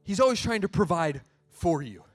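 A man's voice: high voice, very animated, normal speed, faint music behind. A male pastor preaching a sermon in a conversational storytelling way, laughing at himself as he tells family stories.

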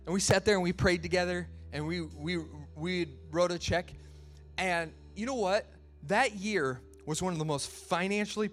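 Male pastor, high-pitched, casual storytelling sermon, faint music bed. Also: bright, forceful tone. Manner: conversational, storytelling, laughs at himself.

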